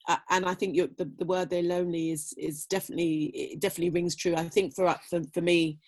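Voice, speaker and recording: A woman's voice: on the low side, little pitch movement, fast talker, a little mellow. A middle-aged woman talking casually as an interview guest, reflective and full of "you know" fillers. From Britain. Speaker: guest, former athlete.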